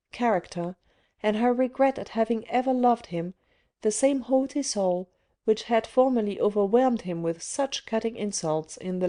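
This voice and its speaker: A woman reading scripted audiobook narration of a classic novel at a measured, even pace. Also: medium pitch. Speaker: audiobook reader.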